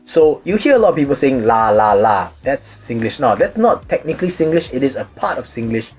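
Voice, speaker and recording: Husky Singaporean guy, laid-back chat. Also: on the high side, fast talker, faint music behind. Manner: relaxed, chatty, explains with examples. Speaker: YouTube host answering viewer questions. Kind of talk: casual chat. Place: room at home with hobby figurines.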